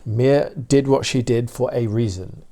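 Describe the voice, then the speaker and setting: A British man, a dog trainer, explaining his views in a steady, opinionated casual talk with many fillers. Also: medium pitch, measured pace, creaky.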